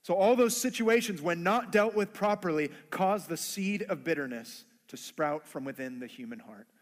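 Guy preaching, high voice, acts out little scenes, big church echo. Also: animated, moderate pace. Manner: acts out dialogue in funny voices. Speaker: pastor. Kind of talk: sermon.

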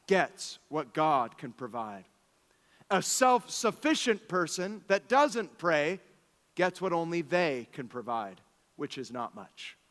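In a high voice, a pastor in his thirties tells stories from the pulpit, swinging animatedly from soft asides to loud exclamations. A long reverb tail trails his words.

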